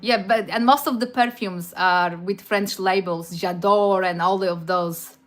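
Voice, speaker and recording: A woman's voice: medium pitch, fairly even intonation, unhurried, faint music behind. A woman from Portugal with a Portuguese accent, hosting a livestream and chatting casually through viewer comments, with frequent hesitations and restarts. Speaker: livestream host.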